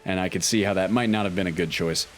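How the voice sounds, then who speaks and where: A man commenting casually on a video game playthrough, relaxed and thinking aloud with frequent ums. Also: sits low, fast talker, soft background music. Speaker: gaming YouTuber. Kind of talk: let's play commentary.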